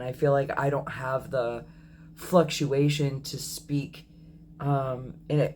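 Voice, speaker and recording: Man, 30s, unhurried, candid vlog confessional, reflective and apologetic. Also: a little high, darkish tone, slight background noise. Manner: reflective and apologetic, with frequent ums and self-corrections. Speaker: vlogger. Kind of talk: candid personal video diary.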